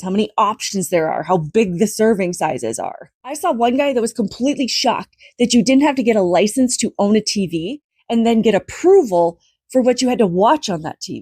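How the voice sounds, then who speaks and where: Husky-voiced earnest woman commentator. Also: a little high, darkish tone, no room sound, clean studio sound. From United States. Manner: earnest, emphatic, lists examples. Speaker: social media commentator. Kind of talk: casual opinion commentary.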